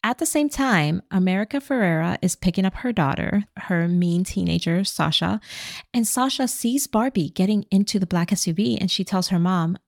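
A woman co-hosting a podcast, casually retelling a movie plot with animated, playful quoted lines. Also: mid-range voice, moderate pace, creaky, dry recording, studio quality. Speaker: podcast co-host recapping a movie.

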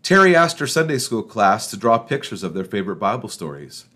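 A man's voice: on the low side, big pitch swings, fairly quick, fairly bright tone. A man hosting a podcast for pastors, telling funny church stories in a casual, chatty way and laughing at his own jokes. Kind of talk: casual storytelling talk.

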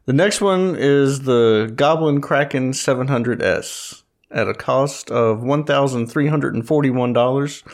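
Man, even mid pitch, casual list reading. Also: measured pace. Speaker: podcast co-host.

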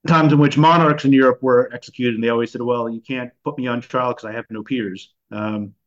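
In a dull lo-fi recording, a podcast co-host talks through a conversational discussion in a medium-pitched, fairly even, brisk voice. He speaks hesitantly, restarting often and leaning on fillers.

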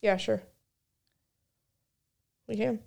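A woman's voice: medium pitch, steady tone, very slow, vocal fry, a little mellow. A young woman co-hosting a podcast in casual chat, with a dry, wry way of telling stories and laughing through them. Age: young adult. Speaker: podcast co-host.

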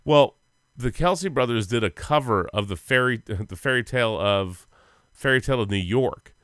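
A man co-hosting a sports podcast, chatting casually in a profane, rambling, animated way. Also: medium pitch, normal speed, smooth, dry recording, studio quality. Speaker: podcast co-host.

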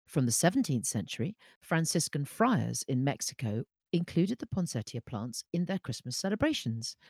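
A woman co-hosting a podcast, reading facts aloud with bright enthusiasm. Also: low voice, very animated, normal speed, husky, no room sound, clean studio sound. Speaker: podcast co-host. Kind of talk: casual chat reading facts.

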